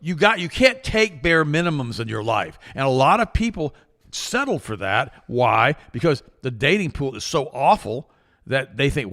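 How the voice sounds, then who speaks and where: A man's voice: mid-range voice, moderate pace. A man co-hosting a talk show, telling stories with acted-out quotes in opinionated casual talk. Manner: lively storyteller, acts out quoted voices, repeats himself.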